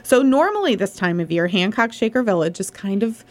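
A woman's voice: medium pitch, big pitch swings, brisk. A woman hosting a local radio show, chatting casually and enthusiastically with her guest. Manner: chatty and enthusiastic, thanks people.

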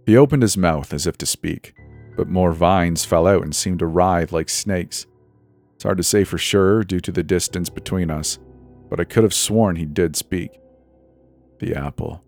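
Deep-voiced man narrating a horror story. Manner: tense, steady first-person storytelling.

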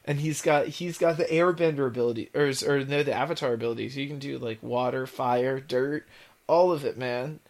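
A man chatting excitedly about a movie on a podcast, enthusiastic and full of "like". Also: mid-range voice, a little fast. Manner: excitable, enthusiastic, says "like" a lot. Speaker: podcast co-host. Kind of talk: casual movie chat.

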